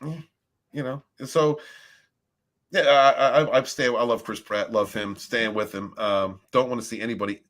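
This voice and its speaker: A man hosting a podcast in casual chat, animated and rambling with restarts and frequent swearing. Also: medium pitch, moderate pace. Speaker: podcast host.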